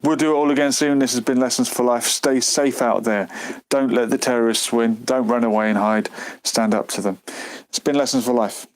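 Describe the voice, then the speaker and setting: A man's voice: mid-range voice, fairly even intonation. Man hosting a late-night live stream. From Britain. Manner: loose and unhurried, with frequent fillers and restarts. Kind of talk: late-night live stream commentary, reading out viewer comments. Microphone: phone.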